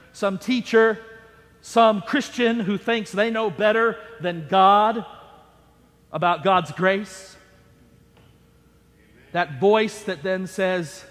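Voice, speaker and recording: A male pastor preaching in a fairly high voice, taking his time and leaning hard on key words. His lines rise into emphatic, dramatic declarations, and each phrase rings on in the long reverb of a big church sanctuary. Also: fairly bright tone. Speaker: senior pastor. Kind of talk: sermon.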